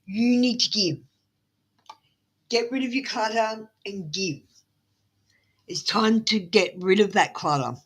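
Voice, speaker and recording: A woman's voice: medium pitch, slow, pauses often, slightly rough, poor audio. A middle-aged woman with an Australian accent doing a live tarot reading, blunt, motherly and swearing freely. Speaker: tarot reader.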